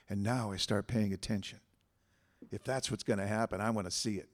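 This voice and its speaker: Man leading slow spoken affirmations. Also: on the low side. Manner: animated, repeats phrases slowly with emphasis. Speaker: guest speaker and musician. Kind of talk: spiritual talk with group affirmations.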